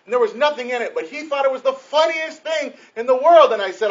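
Pastor guy with a high-ish voice telling stories in his sermon, lots of restarts, kinda dull lo-fi audio. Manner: animated storytelling, many restarts, slows for emphasis.

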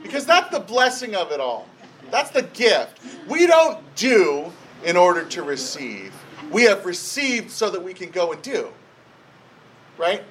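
A pastor, a man, preaching a sermon in a church in a conversational way, with lively retellings and frequent restarts. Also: high voice, measured pace, a little hiss or hum, poor audio.

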